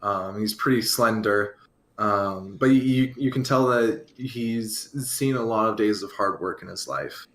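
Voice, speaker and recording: Slow, hesitant male player. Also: on the low side, fairly bright tone. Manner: hesitant, describes his character slowly.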